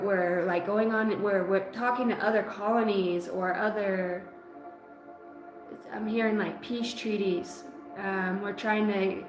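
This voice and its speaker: A woman in the middle of a live-stream psychic reading, drawing out her words slowly and haltingly. She sounds dreamy and easily moved, with many filler words. Her voice carries through an echoey room over clear background music. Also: mid-range voice. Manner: halting, dreamy and emotional, full of "like" and "uh". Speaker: psychic reader.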